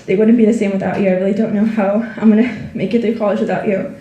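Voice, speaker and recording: A woman's voice: mid-range voice, fairly even intonation, fast talker, dark tone, echoey room, far from the mic, dull audio. Teenage girl reading an emotional speech. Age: teens. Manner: heartfelt, reading thank-yous. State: tearful, near crying. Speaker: graduating student. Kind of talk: senior speech read aloud.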